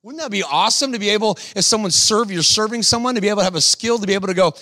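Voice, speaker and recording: Guy preaching a sermon, highish voice, lots of acted quotes and call-outs. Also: rapid-fire, hardly any pauses, no echo. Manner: animated storytelling, acts out quoted voices; exhorting, calls out to the crowd.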